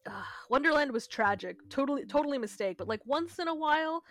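High-voiced young woman, animated swearing storyteller. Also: fast talker. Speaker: podcast co-host. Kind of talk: casual storytelling chat.

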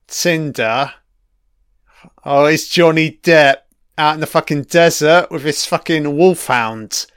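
Man, ranting TV commentary, profane, sarcastic, slow, smooth voice. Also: a little high, fairly bright tone, no room sound, studio quality. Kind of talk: ranting audio commentary on a TV episode.

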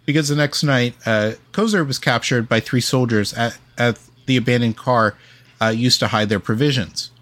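A man's voice: mid-range voice, normal speed, fairly bright tone. A man co-hosting a casual history podcast, reading from his notes with frequent ums and uhs. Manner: reads facts with many ums and uhs. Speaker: podcast co-host.

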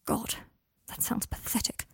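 A woman reading the lines of a guarded, sharp-tongued young wizard in an audiobook of fan fiction, speaking softly and often half in a whisper. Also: unhurried, dry recording, studio quality, close to an everyday voice. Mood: wry.

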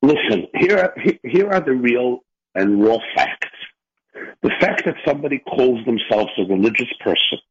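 A male rabbi on a radio talk show explains with conviction, stacking up one item after another. His voice is a little husky at a middle pitch. The sound is slightly muffled. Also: animated, moderate pace. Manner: emphatic, builds lists for effect.

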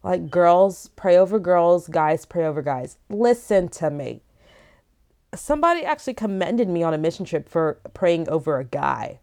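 A woman's voice: on the low side, animated, moderate pace, a little mellow. A young woman hosting a casual solo podcast from home, rambling and joking with many fillers while lying down. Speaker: podcast host.

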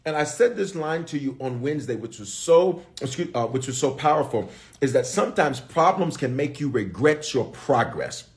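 A middle-aged man preaching a sermon as a bishop, animated and playful, calling out to his listeners. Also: medium pitch, normal speed. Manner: animated, call-and-response preaching with playful asides.

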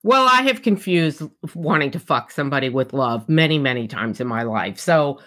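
A woman's voice: very deep voice, normal speed. A woman co-hosting a casual book podcast, animatedly retelling scenes and acting out the characters' lines, blunt and profane. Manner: animated retelling, acts out quotes, candid and profane.

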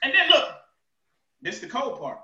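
High, bright-voiced ranting man. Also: wildly swooping pitch, normal speed. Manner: loud, profane ranting with shouted outbursts and laughter. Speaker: podcast co-host. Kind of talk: casual chat. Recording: roomy, distant, dull sound.

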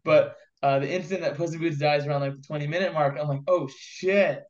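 A man with a slightly high voice hosts a casual film review chat, rambling and excitable. He swears freely as he goes. The recording sounds dull and lo-fi. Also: fast talker. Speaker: podcast host.

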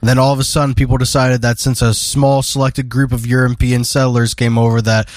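A man of ordinary pitch chimes into a loose podcast chat. He jokes along and readily agrees with the others. The recording is dry and close. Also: little pitch movement, no echo. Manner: joking, quick to agree.

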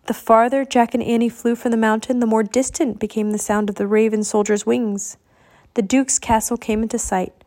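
A woman narrating a children's novel aloud in a steady, expressive storytelling manner. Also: on the high side, normal speed.

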